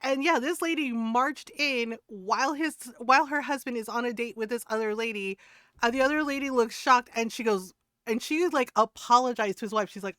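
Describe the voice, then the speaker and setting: A woman's voice: high-pitched, normal speed, no echo, studio quality. A woman streamer chatting casually while gaming, telling stories with lots of laughter and swearing. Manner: animated storyteller, swears freely, laughs often.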